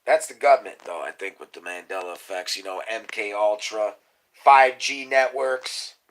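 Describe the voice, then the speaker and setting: Rambling, profane man, low voice. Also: moderate pace, poor audio. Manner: rambling, profane, conspiratorial, mumbles off into quiet asides. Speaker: livestream host. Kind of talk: rambling casual livestream talk.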